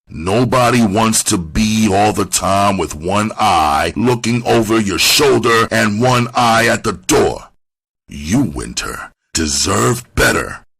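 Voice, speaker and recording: Dude putting on a deep husky hustler voice, real slow, fatherly lecture vibe, audiobook. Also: a bit bright, full character voice. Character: calm streetwise older male hustler, fatherly. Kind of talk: audiobook character reading.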